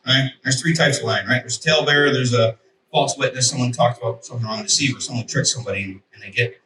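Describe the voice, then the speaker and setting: A bright-voiced man tells his testimony to a crowd in a lively, joking way and keeps checking in with his listeners. His voice sits a little high for a man. The room is echoey and he sounds some distance from the mic, with a faint hum behind him. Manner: animated storyteller, jokey asides, emphatic rhetorical "right?". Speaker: veteran giving a testimony. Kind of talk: personal testimony to an audience.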